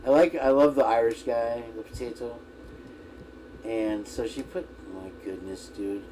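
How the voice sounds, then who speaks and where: A man chatting on a livestream at an ordinary middle pitch. His talk rambles, he swears easily and he often stops to find his thread again. Faint noise sits underneath his voice. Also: measured pace, mellow, low-quality recording. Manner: meandering, profane, loses his train of thought. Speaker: livestream host. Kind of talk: rambling casual livestream chat.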